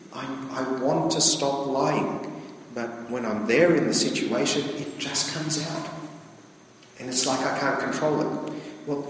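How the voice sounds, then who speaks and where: A man's voice: mid-range voice, a little hiss or hum. Male priest, chatty sermon, picked up from a distance in a reverberant church; keeps asking "okay?". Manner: plain-spoken, keeps checking in with "okay". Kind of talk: conversational sermon. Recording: distant, echoey church recording.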